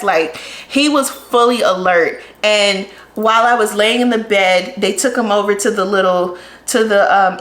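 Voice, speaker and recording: Candid young woman telling her story, echoey room. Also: mid-range voice. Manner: candid and animated, with many "like" fillers. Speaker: vlogger. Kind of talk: personal storytelling vlog.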